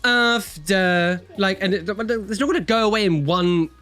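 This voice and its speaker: A man hosting a reaction channel, giving exasperated commentary with a slightly croaky voice. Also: high voice, a little slow, fairly bright tone.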